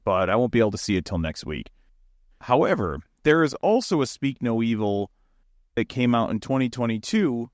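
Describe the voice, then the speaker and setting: A man co-hosting a casual podcast, speaking at an ordinary middle pitch. He talks with eager enthusiasm, rambles and laughs along the way. The sound is close and dry, with no room echo. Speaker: podcast co-host. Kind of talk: casual chat.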